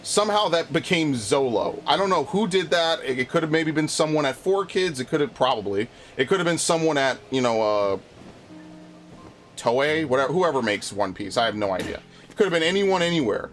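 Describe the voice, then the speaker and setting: A man's voice: fairly high pitch, expressive, a little fast, faint music behind. Guy streaming a game, rambly and annoyed, cusses a lot, keeps tripping over his words. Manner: rambling, frustrated, swears often, frequent restarts. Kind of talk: casual live-stream chat while playing.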